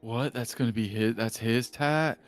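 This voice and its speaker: A man's voice: mid-range voice, moderate pace, faint music behind. A man co-hosting a casual reaction video, making wry remarks and asking questions, with casual swearing. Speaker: co-host reacting to a show.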